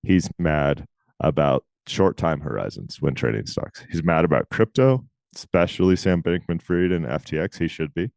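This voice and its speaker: Male co-host, deep voice, emphatic casual delivery, dry recording. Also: animated, vocal fry, a little mellow, no echo. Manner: talkative, emphatic, quick asides. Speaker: podcast co-host. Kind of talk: casual chat.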